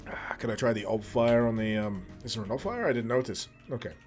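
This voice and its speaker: A man's voice: lowish voice, brisk, soft background music. A man streaming a game live, chatting playfully and exclaiming at the action. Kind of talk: live gameplay commentary.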